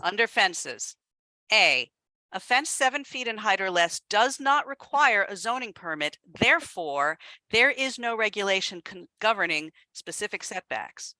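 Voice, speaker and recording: A woman with a bright, clear voice reads draft rules aloud at a town committee meeting. She speaks in a measured, practical way, and the sound is close and dry. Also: mid-range voice, lively intonation, no room sound. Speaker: zoning commission staff member. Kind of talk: municipal committee meeting discussion.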